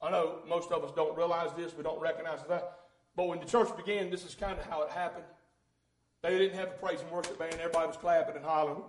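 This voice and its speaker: A man preaching a fervent sermon in a church, swinging from hushed tones to loud shouting and calling out "hey, listen.". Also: on the high side, fairly even intonation, fast. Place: church sanctuary. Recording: echoey church room.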